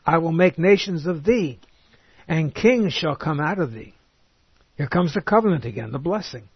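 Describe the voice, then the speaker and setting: Husky-voiced man teaching a sermon. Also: a little high, animated, no room sound, dull audio. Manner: reads scripture slowly and emphatically, then explains plainly. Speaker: preacher.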